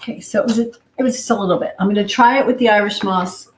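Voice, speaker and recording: A woman hosts a live cooking demonstration, chatty and a little rushed as she thinks aloud between steps. Her voice sits at a middle pitch and carries through a roomy home kitchen. Pots, cutlery and dishes clatter clearly behind her. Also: noisy background. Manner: hurried, chatty, thinks out loud. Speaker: cooking show host.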